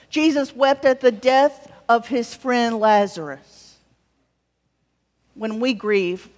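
Higher-voiced woman preaching in a reverberant hall. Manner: warm conversational preaching with wry humorous asides. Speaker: pastor. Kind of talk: sermon. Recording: long reverb of a large hall.

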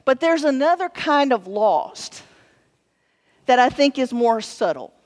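A woman's voice: high voice, big pitch swings, unhurried. A woman pastor preaching a sermon in a humorous, self-deprecating way, with frequent ums and restarts. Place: church sanctuary. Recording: long church reverb.

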